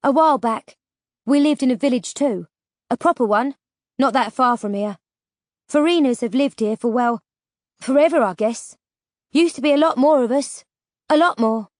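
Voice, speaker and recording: A scrappy, blunt orphan girl voiced by a woman narrator in a storybook reading, a touch higher than the narrator's own voice. She fires off sharp, teasing retorts. The audiobook recording is dry and close. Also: normal speed, pauses often, dry recording, natural voice. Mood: somber. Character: scrappy young female orphan, bold and blunt.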